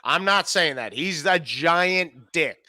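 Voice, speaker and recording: Bright, defensive comedian arguing. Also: male voice, on the high side, lively intonation, slow. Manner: defensive, profane, repeats himself. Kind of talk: heated podcast banter.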